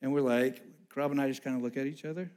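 A man telling a personal story in a sermon, animated and acting out the people he met. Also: medium pitch, fast, smooth.

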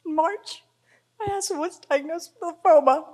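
A woman from the congregation, crying as she gives a halting church testimony. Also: very high-pitched, a little mellow. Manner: halting, emotional. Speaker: congregation member giving testimony.

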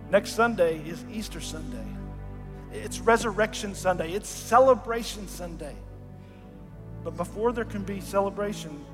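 A high-pitched man preaching from a church, dramatic and earnest as he retells scripture, often sinking to a hush. His voice rings through a long hall reverb, with soft music playing beneath. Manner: dramatic, earnest storytelling with soft drops in volume. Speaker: pastor. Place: church sanctuary. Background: faint music.

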